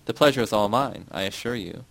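Brief: man voicing a cryptic, self-assured schemer in an audiobook, lowish voice. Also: lively intonation, a little fast, gravelly, fairly bright tone. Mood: sly. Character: scheming, proud woman, wickedly amused.

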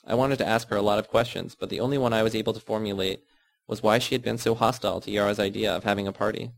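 A man narrating a novel in the first person, in a measured, even way. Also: on the low side, vocal fry. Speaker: audiobook reader.

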